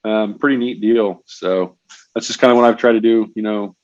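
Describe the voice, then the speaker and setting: A man's voice: lowish voice, normal speed, dry recording. A middle-aged man, a fishing industry guest, telling stories in a casual podcast interview and often calling the host "bro" and "man.". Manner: animated storyteller, frequent "bro" and "man". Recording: dull lo-fi, dry sound.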